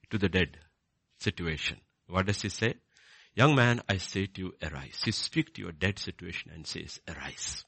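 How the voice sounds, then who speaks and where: A middle-aged man preaches with a gravelly, bright edge to his voice. His pitch leaps widely as he shifts from quiet scripture reading to loud, high exhortation. The sound is close and dry. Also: no echo. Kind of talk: sermon.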